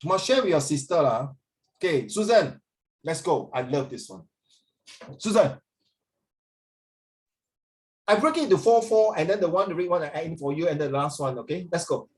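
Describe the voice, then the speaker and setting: A male teacher with a Singaporean English accent, leading a class in an animated way, switching between English and Mandarin and coaxing his students. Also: a little high, brisk.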